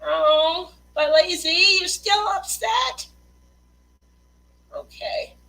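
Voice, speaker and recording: A woman's voice: very high-pitched, extremely slow, gravelly, pushed and bright, poor audio. A woman hosting a casual craft livestream, chatting loosely, laughing often and reading out viewer comments. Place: Las Vegas.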